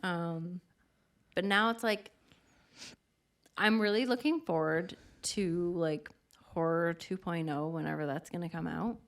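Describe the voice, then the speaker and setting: A woman's voice: lowish voice, fairly even intonation, unhurried. A woman co-hosting a casual chat, telling a funny story about a game with lots of fillers and laughter. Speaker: podcast co-host.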